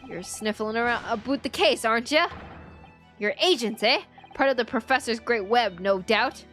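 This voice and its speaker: A woman's voice: a little high, moderate pace, fairly bright tone, faint music behind, lightly acted. A woman voicing a hostile male prison governor with a put-on Scottish accent and a brusque, threatening manner. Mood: gruff.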